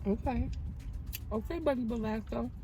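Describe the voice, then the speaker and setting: A woman in her thirties chatting casually in a vlog, telling a story with animated and grateful talk. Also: fairly high pitch, normal speed, noisy background. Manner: animated storytelling, praises God. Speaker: vlogger. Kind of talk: casual chat.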